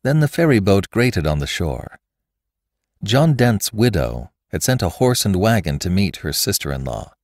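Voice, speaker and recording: Deep-voiced man narrating a classic tale. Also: a little slow, no echo, studio quality. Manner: expressive reading. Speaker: podcast narrator. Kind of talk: scripted storybook narration.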